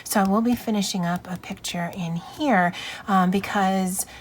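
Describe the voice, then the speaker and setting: A woman with a Hawaiian accent chatting casually in a vlog, soft and halting, stumbling over her words while she works on a picture. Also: mid-range voice, a little hiss or hum. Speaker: YouTuber.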